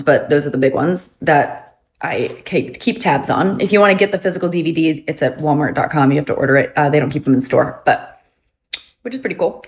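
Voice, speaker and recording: A woman's voice: lowish voice, breathy edge. A woman, chatting casually and upbeat on a livestream and laughing often. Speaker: livestream host.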